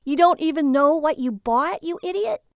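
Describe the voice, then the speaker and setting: A woman voicing an exasperated, sharp-tongued wife who scolds with sarcasm. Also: high-pitched, lively intonation, moderate pace, dry recording, clean studio sound, pitched above the performer's own voice. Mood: scolding.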